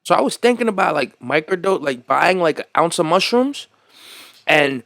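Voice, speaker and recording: A man hosting a casual podcast, animated and freely profane as he tells stories. His voice sits a bit high and sounds dry and close. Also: moderate pace, gravelly, dry recording. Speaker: podcast host. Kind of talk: casual chat.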